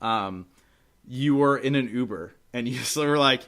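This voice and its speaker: Podcast host dude, bright tense voice, hyped, keeps saying legit. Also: male voice, medium pitch, normal speed. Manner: enthusiastic, laughs often, says dude and legit. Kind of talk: casual interview chat.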